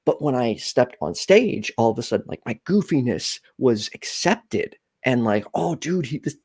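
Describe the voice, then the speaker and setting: A man hosting a call-in show, chatting in an animated, goofy and openly self-reflective way. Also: medium pitch, normal speed, husky, no room sound, clean studio sound. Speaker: show host. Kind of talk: casual chat on a call-in show.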